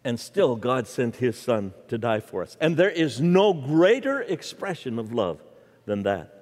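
Joking preacher in a reverberant church. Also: male voice, medium pitch, a little slow. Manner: storytelling, animated, jokes with the audience. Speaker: guest preacher. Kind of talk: humorous sermon.

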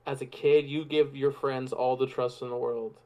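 A young man from Arizona, a podcast guest, talking in a relaxed, earnest way. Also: mid-range voice, normal speed. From Yuma, Arizona. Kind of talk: casual chat.

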